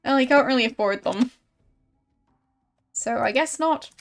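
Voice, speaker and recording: A woman's voice: high voice, measured pace, vocal fry, faint music behind. A woman streaming a game, commenting casually in a wry, playful way and laughing at what happens.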